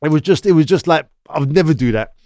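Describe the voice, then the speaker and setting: A man's voice: fairly high pitch, fast talker, no room sound, studio quality. A man in his thirties with a London accent, telling his story as an interview guest and acting out what other people said. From London, England. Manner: animated, acts out other people's lines.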